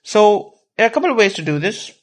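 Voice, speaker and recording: A man's voice: sits high, big pitch swings, fast. A man teaching a whiteboard physics lesson, explaining patiently step by step and repeating key terms.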